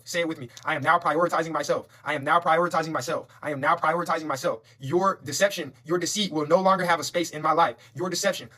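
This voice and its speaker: A man rushes through a tarot reading at a breakneck clip, his voice bright and forceful. He is fervent and repetitive, stacking up affirmations like a preacher and swearing casually along the way. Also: on the high side. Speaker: tarot reader.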